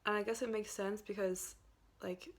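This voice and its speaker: A woman's voice: medium pitch, flat delivery, moderate pace. A young woman from Pennsylvania talking to camera in a casual, rambling vlog, full of fillers and hedges. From Pennsylvania, USA. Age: young adult. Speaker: vlogger.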